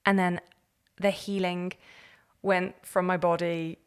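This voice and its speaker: A woman, a podcast guest telling her own story in an earnest, animated way. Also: on the low side, slow, clear, resonant tone. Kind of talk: candid personal story.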